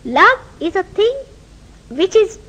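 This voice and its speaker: Speaking slowly in a very high-pitched voice, a woman with an Indian accent from India gives a spiritual talk to the public in a meeting house hall. As a teacher she tells lively stories and asks rhetorical questions, and the recording is rough.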